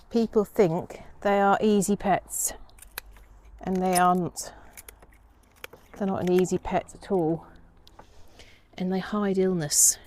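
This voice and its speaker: A woman's voice: fairly low pitch, mellow. A middle-aged woman chatting casually as a garden vlogger, rambling a little with fillers. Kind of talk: casual vlog narration.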